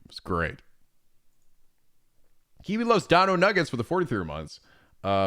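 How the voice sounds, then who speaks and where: A man's voice: fairly high pitch, moderate pace, vocal fry, long pauses. A man chatting casually on a livestream, reading viewer messages and answering with laughter and frequent swearing. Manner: profane, laughing, animated. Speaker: streamer.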